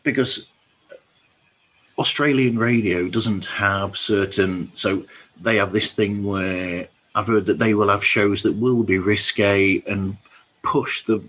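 Low husky man chatting. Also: fairly even intonation, slow, fairly bright tone, rough recording. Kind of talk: casual chat.

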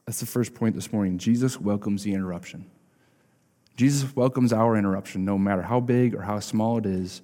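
A male pastor delivers a sermon in a relaxed, conversational way and keeps checking in with "right?". His voice is dark and mellow. A long reverb trails each phrase, as in a church sanctuary. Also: fairly low pitch, brisk.

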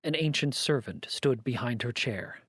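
A man narrating a story in a measured, even scripted reading. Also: mid-range voice, slightly rough, dry recording, studio quality.

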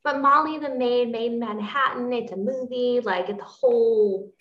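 An easygoing woman co-hosting a book podcast, agreeable and quick to laugh. Her voice is mid-pitched and captured with a roomy echo. The recording has a dull, muffled top end. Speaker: podcast co-host. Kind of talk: casual book-club chat.

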